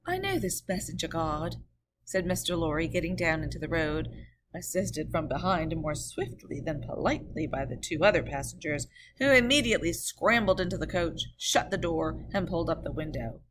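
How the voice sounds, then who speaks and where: A woman narrating a classic novel in a measured, expressive storytelling voice. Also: sits low, noisy background. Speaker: audiobook narrator.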